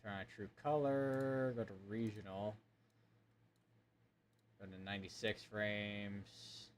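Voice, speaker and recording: A man's voice: on the low side, steady tone, slow pace, a little hiss or hum. A man hosting live severe weather coverage, talking casually and thinking aloud as he clicks through weather maps. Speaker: severe weather stream host.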